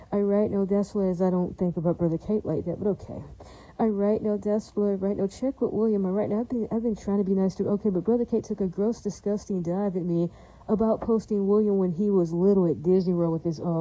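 A woman's voice: medium pitch, mellow, dry recording, dull audio. A woman delivering a heated, rambling monologue, repeating herself and circling back to the same verbal tics. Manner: heated and defiant. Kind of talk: ranting monologue.

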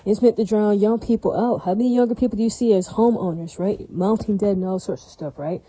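A woman rants her way through a loose solo monologue, circling back and checking again and again that her point lands. Her voice is deep in tone and mellow, with a husky, breathy grain. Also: a little fast, no room sound, poor audio. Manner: ranting, repetitive, asks "does that make sense?". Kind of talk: rambling monologue.

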